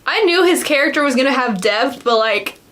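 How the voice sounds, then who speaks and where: A woman's voice: sits high, animated, brisk, a bit bright. A young woman hosting a reaction video, gasping and exclaiming with emotion. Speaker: reaction host. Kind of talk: reacting to a TV show.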